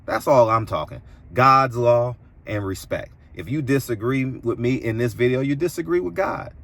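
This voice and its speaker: A man delivering an opinionated commentary monologue as a boxing commentator, preachy and emphatic, his voice jumping higher when indignant. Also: lively intonation, normal speed, a bit bright.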